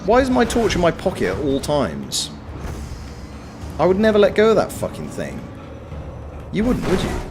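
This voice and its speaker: A man giving casual, sweary live commentary on a game, yelling at enemies and chatting with viewers. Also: a little high, wildly swooping pitch, normal speed, long pauses, noisy background. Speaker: game streamer.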